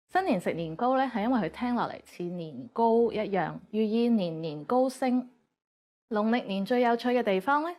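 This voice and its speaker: A woman giving scripted educational narration in a brisk, even tone. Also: medium pitch.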